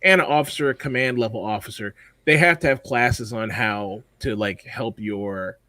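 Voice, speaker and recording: A man's voice: mid-range voice, moderate pace, bright, forceful tone, no room sound. A man co-hosting a podcast in casual chat, blunt and profane, rambling with lots of fillers. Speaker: podcast co-host.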